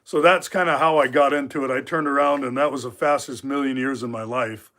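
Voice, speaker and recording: A man in his fifties from Alaska, hosting a livestream from his knife workshop. He tells his stories casually and meanders, with lots of filler words. His voice sits at an ordinary pitch for a man. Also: fairly even intonation, brisk, a bit bright. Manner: rambling, with frequent filler words. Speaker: livestream host. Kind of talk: casual storytelling.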